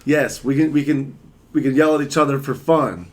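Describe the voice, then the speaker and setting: A man hosting a casual podcast chat, joking and quick to jump in. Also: mid-range voice. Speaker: podcast host.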